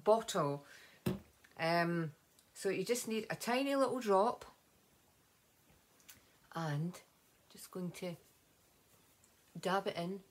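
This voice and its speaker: A woman's voice: on the low side, a little hiss or hum. A Scottish woman chatting casually in a home beauty vlog, rambling with many ums and asides. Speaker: vlogger.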